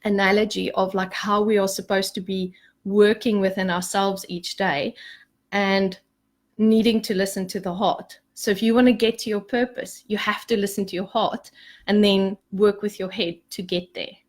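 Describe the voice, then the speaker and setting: A woman leading a spiritual group in a chatty, animated way, often asking "okay?", later turning soft and hushed for a meditation. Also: medium pitch, normal speed. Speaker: spiritual coach. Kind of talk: casual spiritual talk to a group.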